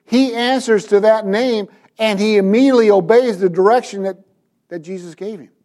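A man's voice: sits high, moderate pace, darkish tone. A man preaching a sermon to a congregation, retelling scripture and asking his listeners direct questions. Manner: dramatizes scripture with quoted voices. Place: church.

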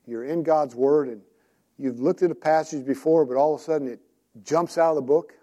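A man's voice: a little high, brisk, mellow. A man preaching a sermon in a conversational, storytelling way, often asking his listeners direct questions.

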